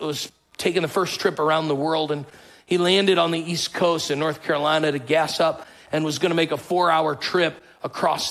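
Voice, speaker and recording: Man, pastor, sermon, gravelly, fairly high voice, talks back and forth with the congregation. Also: fairly bright tone, poor audio. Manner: conversational preaching, calls out to the congregation.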